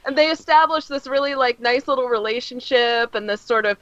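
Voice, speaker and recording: A woman's voice: high voice, a little fast, a bit bright, no echo, highs cut off. A woman co-hosting a comics podcast, chatting casually and effusively with lots of fillers as she retells stories. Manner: rambling and effusive, many fillers, acts out scenes. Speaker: podcast co-host reviewing comics. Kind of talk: casual chat.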